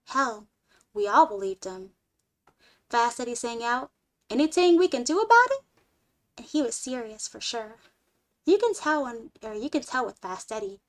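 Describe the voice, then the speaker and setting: A woman streamer reading a short story aloud in an expressive way, moving between lively and hushed delivery. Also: on the high side, moderate pace.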